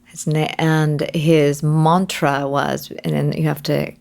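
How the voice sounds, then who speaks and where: A woman with a lower voice talks loosely with founders on an investor panel. Her talk rambles in a friendly, self-deprecating way. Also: flat delivery, slow pace, vocal fry, darkish tone.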